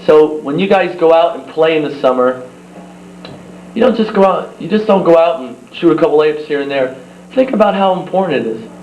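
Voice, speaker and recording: A young man giving an earnest speech at a sports banquet, telling a story with halting restarts. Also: a little high, expressive. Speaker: banquet guest speaker. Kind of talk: speech to a crowd. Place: banquet hall. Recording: roomy, dull old videotape with hum.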